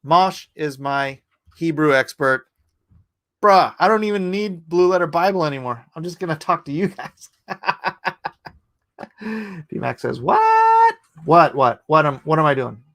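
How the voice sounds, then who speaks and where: A man's voice: on the high side, a little slow, long pauses, a bit bright, no echo. Joking man reading scripture aloud. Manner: reads aloud, breaks off to joke and greet chat viewers; laughs at his own asides. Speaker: livestream host reading scripture. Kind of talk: casual Bible reading with chat banter.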